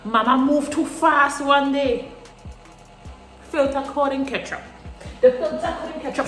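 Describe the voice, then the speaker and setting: A young woman vlogger talks through her wash day, her fairly high voice swinging up and down. She laughs often and swears freely. The room echoes around her, with faint music underneath. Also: lively intonation, normal speed. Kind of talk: casual chat.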